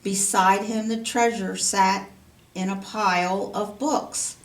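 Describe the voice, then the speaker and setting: A woman's voice: medium pitch, steady tone, slow. A woman teaching Sunday school, reading a rhyming children's story aloud in a sing-song cadence. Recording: roomy, from a distance.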